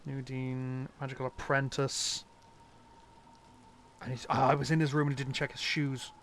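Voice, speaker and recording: A man's voice: medium pitch, level tone, normal speed, a bit bright, a little hiss or hum. A man streaming a detective game, casually thinking aloud and muttering through clues. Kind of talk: casual live-stream commentary.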